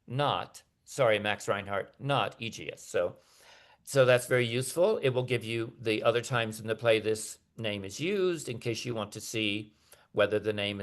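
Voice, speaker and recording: A man giving an academic lecture over a video call, talking hesitantly with many fillers and restarts. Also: mid-range voice.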